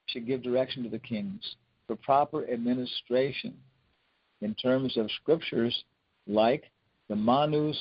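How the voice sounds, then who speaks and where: Guy teaching scripture class, husky voice, rambles a lot with "you know"s, dull dry recording. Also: medium pitch, dry recording. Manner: rambling storyteller, many fillers, chuckles often. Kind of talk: lecture on scripture with anecdotes.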